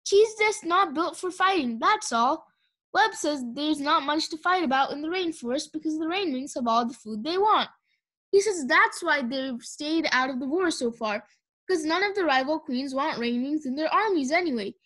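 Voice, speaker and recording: A woman voicing a gentle, clumsy young male dragon who protests mildly and pleads in an audiobook reading. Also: high-pitched, lively intonation, normal speed. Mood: loyal.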